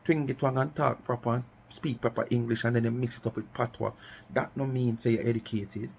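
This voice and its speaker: A man's voice: mid-range voice, fairly even intonation, brisk, vocal fry, a little hiss or hum. A middle-aged Jamaican man from West Kingston ranting in commentary, challenging listeners with repeated rhetorical questions and slipping into patois. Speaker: vlogger.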